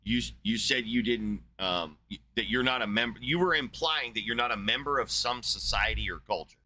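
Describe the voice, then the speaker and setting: A man's voice: medium pitch, brisk, bright, forceful tone, slight background noise. A man with a Southern US accent, from Florida, hosting a live debate podcast, crude and mocking as he argues. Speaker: podcast host.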